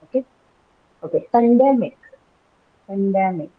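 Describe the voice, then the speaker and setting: A woman's voice: mid-range voice, lively intonation, measured pace, slightly rough. A woman teaching an English class online, patiently repeating words and questioning her students. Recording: tinny phone-like call audio.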